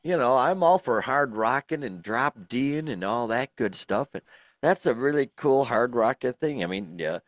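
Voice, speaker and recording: A man's voice: mid-range voice, animated, normal speed, dry recording. A middle-aged man, co-hosting a casual podcast and rambling through lots of fillers and restarts. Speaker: podcast co-host. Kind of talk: casual chat.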